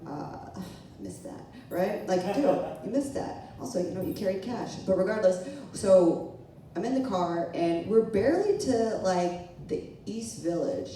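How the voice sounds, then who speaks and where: A woman's voice: on the low side, unhurried, dark tone, a little hiss or hum. A woman telling a funny personal story to a live audience, talking casually, laughing and swearing as she goes. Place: small event room with a live audience. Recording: echoey room from far off.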